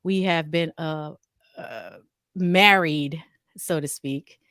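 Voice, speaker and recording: A woman, from Atlanta, answering as a podcast guest, nervous and halting with fillers. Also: low voice, fairly bright tone, no room sound, clean studio sound. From Atlanta, USA. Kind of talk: casual interview.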